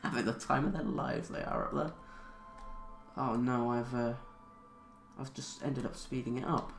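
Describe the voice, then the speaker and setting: Hesitant gamer man, gravelly voice. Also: mid-range voice, fairly even intonation, normal speed, echoey room, faint music behind. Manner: hesitant, thinking aloud with many fillers. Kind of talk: let's play commentary, reading tutorial text aloud.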